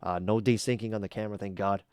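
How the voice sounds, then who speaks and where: A man's voice: on the low side, fairly even intonation, fast, darkish tone, clean tone, no room sound, studio quality. A man hosting a casual reaction video, giving blunt, chatty opinions with plenty of ums and uhs. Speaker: YouTube reaction host.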